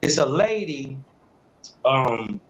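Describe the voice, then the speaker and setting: A man's voice: medium pitch, sing-song, slow, low-quality recording. A man co-hosting a casual chat, laid-back and swearing, laughing often.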